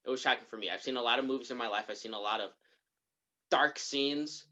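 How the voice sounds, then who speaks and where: A podcast co-host in casual chat, retelling a movie scene by scene as an animated storyteller. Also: mid-range voice, fast talker, muffled recording. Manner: animated storyteller who acts out the characters' lines.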